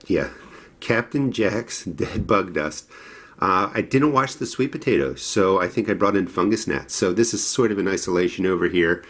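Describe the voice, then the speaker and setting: A middle-aged man with a New Jersey accent, hosting a casual, rambling gardening vlog indoors and then outside in the cold, laughing at himself now and then. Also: on the low side. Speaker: gardening channel host.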